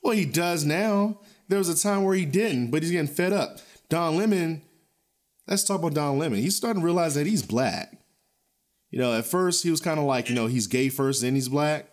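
A man hosting a podcast, ranting in a blunt, profane, animated way with frequent chuckles and a loose, rambling delivery full of restarts. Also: fairly high pitch, moderate pace. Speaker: podcast host. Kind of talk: casual ranting podcast commentary.

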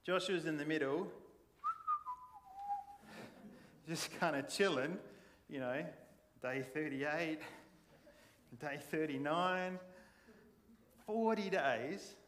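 A man preaching to a congregation in a relaxed, chatty way, slipping into little acted-out voices as he retells the story. His voice sits a touch higher than most men's. The hall gives a long, lingering echo behind him. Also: slow, long pauses. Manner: conversational, animated storytelling. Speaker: pastor. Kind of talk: sermon. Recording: long church hall reverb.

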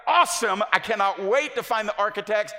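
A man voicing an eager king who is excited to build a temple, in a sermon. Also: high voice, brisk, pitched above the performer's own voice. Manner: enthusiastic, building momentum. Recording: echoey hall.

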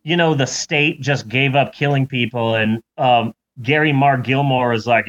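A man's voice: medium pitch, normal speed, few pauses, fairly bright tone. A man telling a story in a rambling, jokey comedic way, on a dull lo-fi recording.

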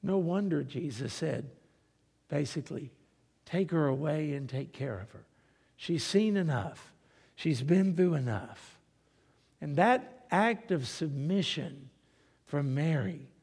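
A man preaching a sermon in a slow, dramatic style, dropping to a hush and rising for emphasis. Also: a little high, animated, vocal fry. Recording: long reverb of a large hall.

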